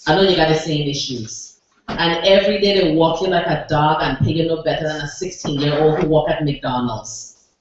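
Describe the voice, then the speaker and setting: Woman performing poetry in Virgin Islands accent. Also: deep voice. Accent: Virgin Islands Creole English. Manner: forceful, confrontational address. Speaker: spoken word poet. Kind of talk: spoken word poetry performance. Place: cafe open mic. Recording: echoey room, distant lo-fi mic, noise.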